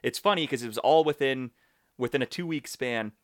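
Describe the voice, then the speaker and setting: Blunt, profane sports fan. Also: male voice, mid-range voice, a little fast, dry recording, clean studio sound. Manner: blunt, profane, animated ranting. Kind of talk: casual sports chat.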